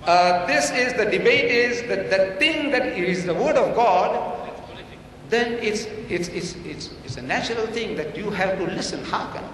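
High-voiced older guy debating, booming hall, mic far off. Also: expressive, measured pace, a bit bright, a little hiss or hum. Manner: emphatic, quoting and mocking his opponent. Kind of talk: public debate speech. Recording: echoey hall recorded from afar.

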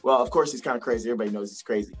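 A man, a wrestler, telling stories in a casual interview over a video call, acting out quotes with big jumps in pitch. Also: rapid-fire, breathy edge, soft background music. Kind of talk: casual storytelling.

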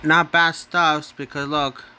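A man with a bright, fairly high voice talks very slowly through a casual on-screen ranking. He rambles, circles back to the same points, and keeps tagging "right?" onto his sentences. He stumbles over names and corrects himself as he goes. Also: level tone, a little hiss or hum. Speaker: channel host.

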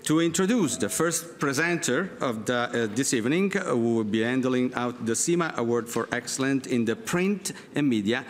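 A man's voice: medium pitch, lively intonation, moderate pace, few pauses. Male emcee at a gala, kinda hesitant, uhs and stumbles, echoey hall, faint noise. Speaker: master of ceremonies.

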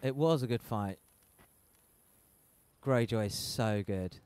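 A man giving casual, excitable commentary while playing a game with friends, laughing and exclaiming often. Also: lowish voice, slow, smooth, dry recording. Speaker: gaming streamer.

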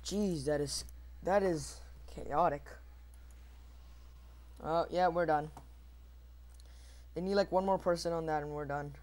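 A man giving casual, rambling commentary over his own gameplay, mocking himself and mouthing squeaky shooting sound effects. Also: steady tone, slow, long pauses, a little mellow. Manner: rambling, self-mocking asides to viewers. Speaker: gamer recording his own match.

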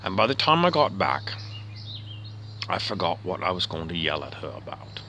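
A man's voice: low-pitched, sing-song, moderate pace, pushed and bright, a little hiss or hum, exaggerated voice. A man playing a rambling, grumpy middle-aged outback husband, talking himself through his gripes and sometimes muttering. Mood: musing. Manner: rambling, self-questioning, drops to a muttering whisper. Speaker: comedian. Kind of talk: comic character monologue.

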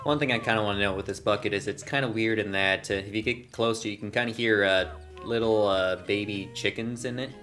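Low-voiced man playing a game. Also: fairly even intonation, brisk, a bit bright, soft background music. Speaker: let's play player. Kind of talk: casual gaming commentary.

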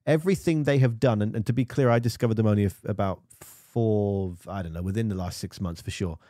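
A man's voice: fairly low pitch, a little fast, warm tone, no room sound, clean studio sound. A man reviewing music videos in casual screen-share commentary, rambling and poking fun at himself. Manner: rambling and self-mocking.

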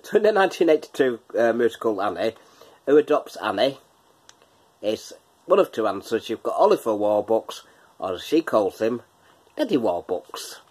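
A man's voice: medium pitch, very animated, moderate pace, a little mellow, husky. A man hosting a casual quiz from his kitchen, chatty, laughing often and breaking into bits of song. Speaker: quiz host. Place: home kitchen.

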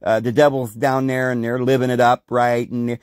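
A man's voice: medium pitch, moderate pace, clear, resonant tone, no echo. Man, podcast host, scripture reading with commentary, rhetorical, dry sound. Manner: animated, rhetorical questioning.

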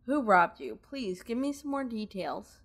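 A woman's voice: on the high side, steady tone, normal speed, a bit bright, lightly acted. A woman reading the player character's lines in a game, in a mild, questioning, polite manner. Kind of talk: live dub of game dialogue.

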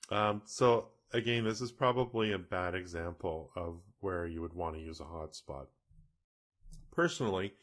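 A middle-aged man from Canada explaining software step by step in a casual screen-recorded tutorial, often correcting himself as he goes. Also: deep voice. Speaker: e-learning tutorial instructor.

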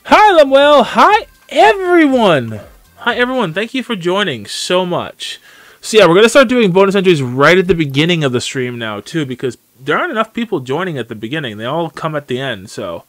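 A man's voice: a little high, animated, brisk, a bit bright, no room sound. A man streaming a game live, chatting casually and greeting viewers by name as he plays. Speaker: gaming streamer. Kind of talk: live gameplay commentary.

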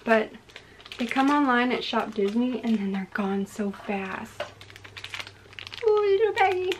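A woman's voice: on the high side, measured pace, noisy background. A woman collector gushing through a casual unboxing vlog at home, talking into a handheld camera. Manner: gushing, excitable. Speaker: collector vlogger.

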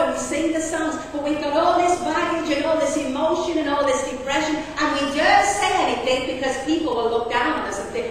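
A high-pitched woman delivers an earnest, conversational sermon, often asking the congregation questions. The recording is roomy and echoey, picked up from far off in a church hall, with faint background noise. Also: fairly quick, hardly any pauses. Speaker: pastor. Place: church service.

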